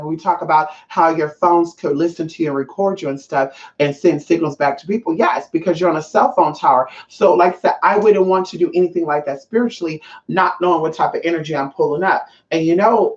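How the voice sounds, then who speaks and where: A woman's voice: on the low side, a little mellow, dull audio. A woman hosting a livestream from home as a spiritual teacher. She talks in a casual, sassy and emphatic way and swears freely.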